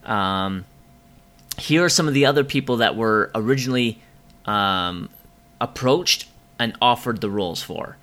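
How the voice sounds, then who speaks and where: A man co-hosting a casual movie podcast, chatting excitedly with lots of ums and frequent swearing. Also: fairly low pitch, a little slow. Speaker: podcast co-host.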